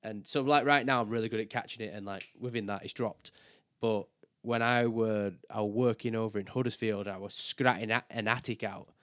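A man's voice: fairly low pitch, fairly even intonation, brisk, few pauses, a bit bright, dry recording. A young man, a podcast guest talking candidly in casual chat. He swears freely and often trails off and restarts. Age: young adult.

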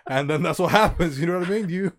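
Male comedy podcast host, higher voice, rambling crude storyteller who keeps laughing.

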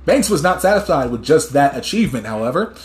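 Animated, swearing podcast host, echoey. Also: male voice, on the high side, fast talker, faint music behind. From New Jersey. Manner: animated, swears freely, gets loud when worked up; reads news articles aloud with stumbles. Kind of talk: casual news commentary podcast.

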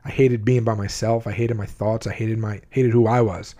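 A man's voice: on the low side, steady tone, normal speed, dark tone. A man telling his own life story to his viewers, blunt and emotional, often restarting his sentences. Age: adult, at least 20s. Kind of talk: candid personal storytelling.

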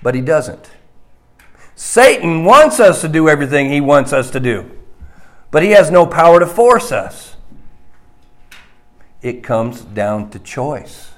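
A man preaching a sermon slowly and emphatically, dropping to a hushed voice on key points. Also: fairly high pitch, big pitch swings.

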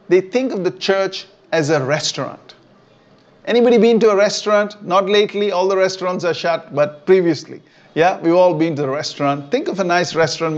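High-voiced pastor preaching casually. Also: male voice, highs cut off. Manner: conversational, checks in with "okay?" often. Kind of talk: sermon. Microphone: online church stream.

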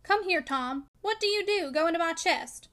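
A woman voicing a sharp, impatient old miller. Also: very high voice, lively intonation, normal speed. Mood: irritated. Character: irritable old male miller, sick in bed.

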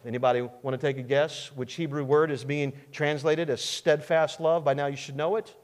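A male pastor preaching a sermon in an earnest, emphatic way with dramatic pauses. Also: mid-range voice. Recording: long hall reverb.

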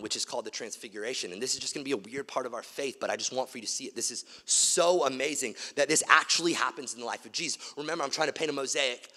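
A man preaching a sermon, swinging between loud emphasis and hushed, quiet passages. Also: on the high side, in a large hall. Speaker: pastor.

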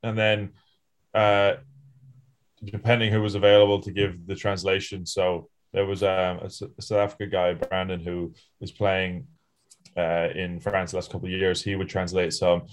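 A man's voice: sits low, normal speed. Man telling rugby stories. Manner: relaxed storytelling with frequent fillers and laughs. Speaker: podcast co-host, rugby sevens player. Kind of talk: casual podcast chat.

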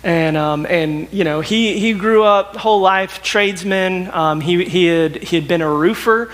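A man preaching a sermon, telling a story in a folksy, animated way with many repeated words. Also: high voice, measured pace.

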